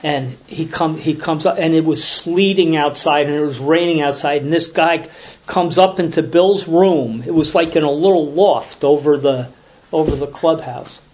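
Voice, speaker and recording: A man's voice: a little high, normal speed. A man telling a story at a recovery meeting in casual, rambling talk, repeating words and acting out voices as he goes.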